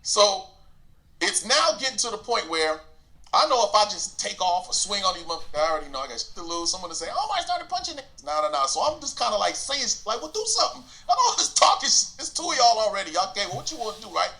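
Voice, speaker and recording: A man with a high, bright voice tells a story in a relaxed, conversational way. His pitch swings widely as he acts out each person's lines. He laughs now and then as he talks. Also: quick pace. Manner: animated, acts out quotes, laughs while telling. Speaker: guest telling a story. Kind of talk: casual storytelling.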